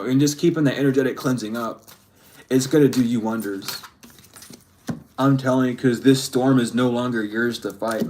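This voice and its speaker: A man's voice: mid-range voice, a little mellow. A man giving a spiritual reading to his viewers, ranting emphatically and swearing freely. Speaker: tarot reader.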